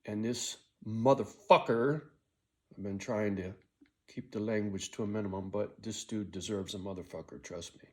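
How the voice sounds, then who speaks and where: A man's voice: lowish voice, normal speed. Blunt, swearing man telling a story. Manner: blunt, heavy swearing, frequent "right?" tag; angry when telling the story, quiet and weary when reflecting. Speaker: vlogger telling a personal story. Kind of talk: casual storytelling monologue.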